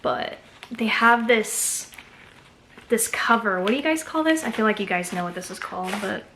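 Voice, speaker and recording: A woman's voice: medium pitch, animated, moderate pace, fairly bright tone, a little hiss or hum. A woman from Texas chatting casually to camera as a haul vlogger, gushing enthusiastically over each find.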